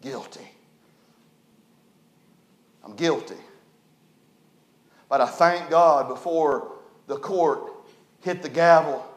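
A man preaching a folksy storytelling sermon, animated and building to emphatic preaching. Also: a little high, slow, pauses often. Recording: echoey room.

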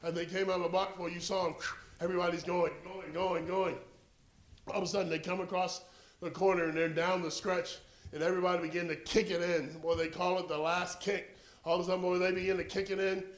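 Man, preacher, high voice, storytelling sermon, quiet to loud, echoey room.

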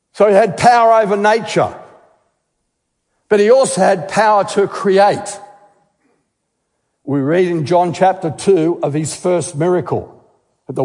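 A man's voice: sits high, darkish tone. A man giving a sermon as a guest speaker, asking questions and repeating key words for emphasis. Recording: long hall reverb.

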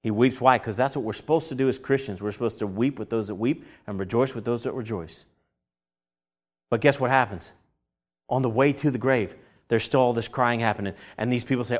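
A man preaching a sermon, asking rhetorical questions and answering them himself, and breaking into animated acted-out voices. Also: a little fast. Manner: acts out quoted voices with big jumps in pitch and loudness.

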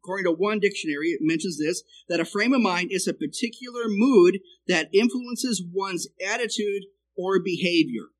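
A man preaching a sermon who explains the Hebrew text and keeps checking in with "okay?", his loudness rising and falling. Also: sits high, lively intonation, normal speed, hardly any pauses, low-quality recording.

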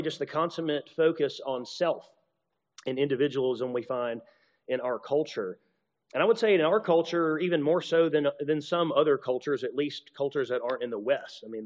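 A man giving a conversational teaching talk to a group, acting out short exchanges and often restarting his sentences. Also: mid-range voice. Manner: conversational, acts out little dialogues, many restarts. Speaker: preacher or teacher. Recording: dull, muffled sound with a long hall reverb.

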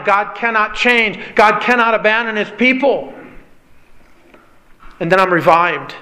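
A man preaching a sermon in an earnest way, dropping low and slow to stress key lines. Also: bright, forceful tone, poor audio.

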